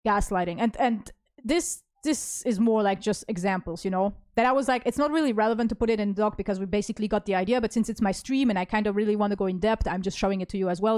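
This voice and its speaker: A woman streamer chats casually to her viewers, her voice smooth and clear. The sound is dry and close. She talks in halting bursts with fillers and restarts, and drops sarcastic asides as she goes. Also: mid-range voice, a little mellow, no echo. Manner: sarcastic asides while reading messages.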